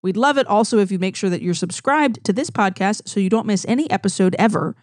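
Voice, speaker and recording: A woman with a Louisiana accent hosts a podcast interview in a friendly, chatty way. Her voice sits at a middle pitch for a woman and is recorded dry, with no room sound. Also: fast, dry recording. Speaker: podcast host.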